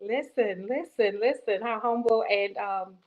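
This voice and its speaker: A woman's voice: mid-range voice, unhurried, dull audio. A middle-aged woman hosting a talk show, speaking in a heartfelt, preacherly way and calling listeners "baby". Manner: warm preacherly encouragement, calls listeners baby. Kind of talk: casual interview chat.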